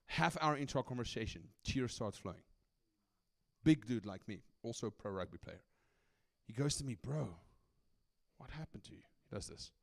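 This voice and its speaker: A middle-aged South African man, invited as a guest preacher, delivers a sermon full of personal stories, animated and conversational, often tossing in "right?". His voice is mid-range with some vocal fry, at a moderate pace.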